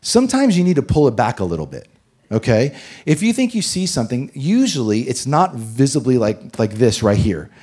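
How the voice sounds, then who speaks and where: Male pastor, husky voice, animated sermon storyteller. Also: mid-range voice, brisk. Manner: animated storyteller, swings from loud to hushed.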